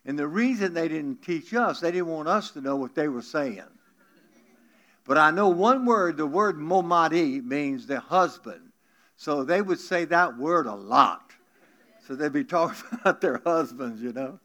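A man's voice: fairly high pitch, a bit bright. A man in his seventies with a South Louisiana accent, preaching in a folksy, joking way to a congregation. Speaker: guest pastor. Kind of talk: folksy storytelling sermon.

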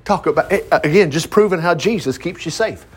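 Guy preaching a laid back bible study, kinda high voice, folksy asides as he reads along. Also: a little fast, breathy edge. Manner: folksy, conversational, reads scripture aloud and riffs with asides and chuckles. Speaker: pastor. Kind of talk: informal Bible study sermon.

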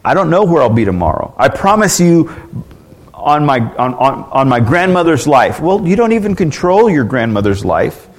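A man's voice: on the high side, sing-song, normal speed. A man pastor teaching a church class in an earnest, conversational way, asking the group questions and often restarting his words.

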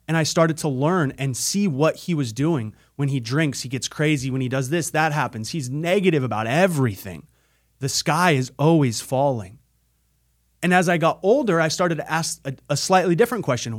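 Slightly high-voiced and animated, this male podcast host moves at a moderate pace. He shares a personal story with earnest, motivational emphasis, echoing his own phrases to drive points home.

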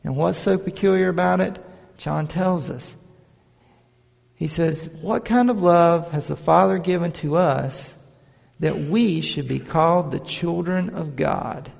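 Male pastor, gravelly, slightly high voice, preaching with emphatic build-ups, long church-hall reverb. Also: a little slow, a little mellow. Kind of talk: sermon.

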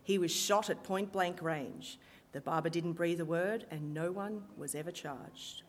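Wry woman storyteller in a reverberant hall. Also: lowish voice. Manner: lively, wry, dramatic pauses. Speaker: storyteller and stage performer. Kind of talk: live storytelling.

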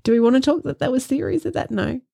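A woman co-hosting a podcast, chatting casually and quickly with asides. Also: high voice, creaky, dark tone, no room sound, clean studio sound. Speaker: podcast co-host. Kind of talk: casual banter.

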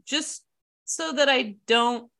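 A woman co-hosting a podcast in casual chat, candid and quick to laugh, often quoting other people as she tells stories. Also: high-pitched, sharp tone. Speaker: podcast co-host.

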